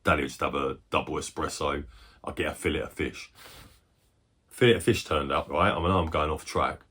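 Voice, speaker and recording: Man, 40s, low husky voice, rambling casual collector chat with excited bursts and swearing. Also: fairly quick. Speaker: retro game collector.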